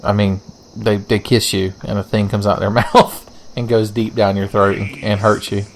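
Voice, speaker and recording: A man's voice: fairly low pitch, level tone, normal speed, creaky. A young man giving casual, profane, joking let's-play commentary as he plays a game. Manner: profane, joking, rambling asides. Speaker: gaming channel host.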